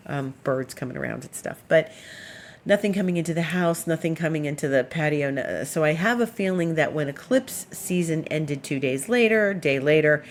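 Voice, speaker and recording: A woman astrologer telling a personal story in a chatty, expressive, rambling way. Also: deep voice, normal speed, slight background noise.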